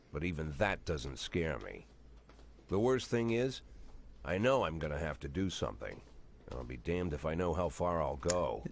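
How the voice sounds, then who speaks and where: An actor playing a weary, brooding male police chief, narrating in noir voice-over with a gruff, world-weary delivery. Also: sits low, a little hiss or hum, full character voice.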